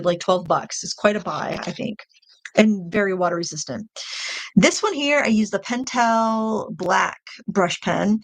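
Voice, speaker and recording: A middle-aged woman hosting a casual art live stream, rambling and correcting herself as she talks about her paintings. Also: mid-range voice. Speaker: art channel host.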